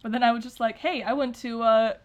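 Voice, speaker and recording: A woman's voice: a little high, fairly even intonation, brisk, muffled recording. A young woman chatting casually as a podcast co-host, sounding nervous, rambling with fillers and restarts and laughing often. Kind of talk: casual chat.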